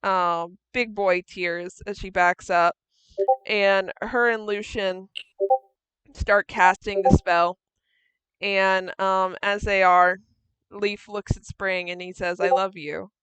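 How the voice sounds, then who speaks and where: A woman game master narrates a tabletop game in a casual, profane manner and bosses her players about. Her voice is bright and strikingly clear, recorded dry and close. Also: mid-range voice, flat delivery, slow pace, dry recording. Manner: casual, swears freely, bossy with players.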